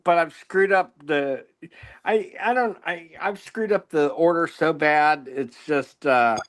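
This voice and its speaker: A man's voice: a little high, slow. A man casually showing off his comic collection, admiring each book. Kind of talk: casual chat.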